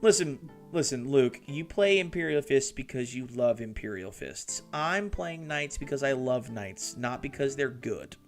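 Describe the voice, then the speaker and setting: Animated man bantering on a live stream. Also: mid-range voice, unhurried, few pauses, faint music behind. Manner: animated, swears and laughs a lot, reads chat aloud. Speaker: streamer and host of a hobby build stream.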